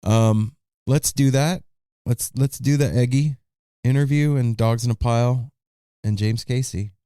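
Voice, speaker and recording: A man hosting a podcast in casual chat, talking in a relaxed, easygoing way. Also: mid-range voice, unhurried, smooth, no room sound, studio quality. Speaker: podcast host.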